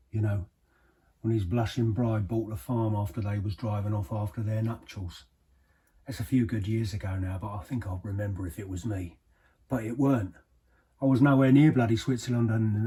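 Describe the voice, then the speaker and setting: A man's voice: lowish voice, mellow, distant mic, natural voice. An actor playing a middle-aged, bitter former henchman who rambles on in sardonic, confiding asides. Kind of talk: audio drama monologue.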